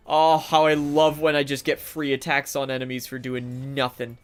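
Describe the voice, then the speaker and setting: A man's voice: mid-range voice, monotone, moderate pace, hardly any pauses, clear, resonant tone, soft background music. A man streaming a video game live, commenting casually and talking sarcastically to the characters on screen.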